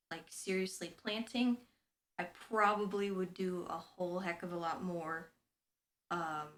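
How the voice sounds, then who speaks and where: An American woman in her twenties streams while working at home, casually explaining as she thinks aloud with lots of fillers. Her voice is on the low side and a bit bright.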